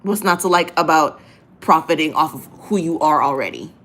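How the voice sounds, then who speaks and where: A woman's voice: low voice, moderate pace, fairly bright tone. A woman hosting a casual monologue in a blunt, profane, emphatic way, often repeating phrases for effect. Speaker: host.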